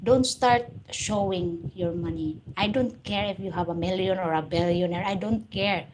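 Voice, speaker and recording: Against background noise, a Filipino-accented host from the Philippines replies to viewer comments on her live stream. Her fairly low voice moves at a moderate pace, and her manner is blunt, preachy and straight-talking.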